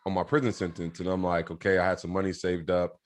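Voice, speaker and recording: A man with a deep, low-pitched voice speaks as an interview guest. He tells his story in a relaxed, earnest way, often restarting sentences and leaning on fillers as he thinks aloud. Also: fast. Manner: rambling, many fillers and restarts; reflective, earnest. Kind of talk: casual storytelling in conversation.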